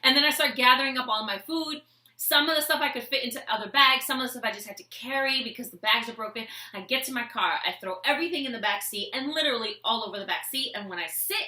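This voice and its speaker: Woman, vlogger, comic storytelling, expressive, acts out scenes, fairly high voice, roomy echo. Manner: animated and expressive, acting out scenes. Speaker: vlogger telling a personal story. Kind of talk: comic storytelling with a life lesson. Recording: echoey room.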